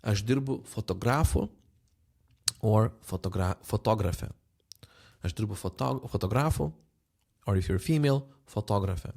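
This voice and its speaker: Male language teacher, lowish gravelly voice, patient, repeats each phrase. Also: normal speed, a little mellow. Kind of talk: language lesson.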